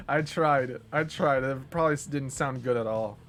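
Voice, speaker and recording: A man's voice: mid-range voice, normal speed, a bit bright. A man casually commenting on his live gameplay in a playful, jokey way, laughing often. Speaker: game streamer. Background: faint game music.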